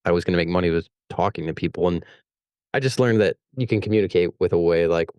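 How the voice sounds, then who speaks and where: A man's voice: sits low, fast talker, darkish tone, clear, resonant tone, no room sound. A man, a police officer, chatting on a podcast in a rambling way full of restarts and "like.". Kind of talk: casual podcast chat.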